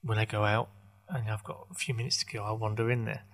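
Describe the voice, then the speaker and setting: A man hosting his own podcast, talking through a loose, halting monologue full of fillers, restarts and wry asides. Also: on the low side, little pitch movement, a bit bright. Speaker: podcast host. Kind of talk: rambling casual monologue.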